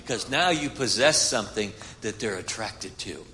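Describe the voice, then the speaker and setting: A man's voice: lowish voice, expressive, moderate pace, pushed and bright, a little hiss or hum. A man preaching a sermon, retelling a Bible story and voicing its characters. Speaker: guest preacher. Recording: hall reverb.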